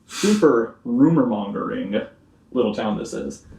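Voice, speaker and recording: A man's voice: medium pitch, expressive, unhurried, a little mellow. A man narrating a tabletop game as game master, rambling with lots of fillers. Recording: roomy room, distant mic.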